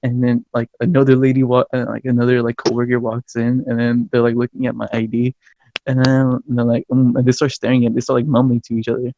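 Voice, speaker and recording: Excitable young man telling a story. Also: medium pitch, fast, dull audio, a little hiss or hum. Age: young adult. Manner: excitable, swears a lot, laughs mid-story. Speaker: podcast co-host. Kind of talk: casual storytelling chat.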